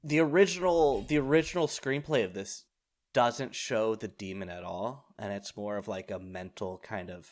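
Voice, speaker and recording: A man's voice: on the low side, moderate pace. A man hosting a casual film podcast, talking in a rambling way with many fillers and restarts. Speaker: podcast host.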